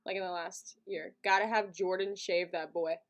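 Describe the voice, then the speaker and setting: A woman's voice: lowish voice, steady tone, normal speed. A woman hosting a live stream, chatting casually and giggly with her viewers from a home setup. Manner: chatty and giggly, talks to chat.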